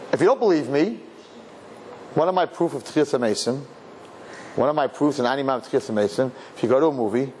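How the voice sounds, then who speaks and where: A male rabbi giving a lively, humorous sermon full of rhetorical questions and Hebrew and Yiddish terms. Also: medium pitch, a little hiss or hum.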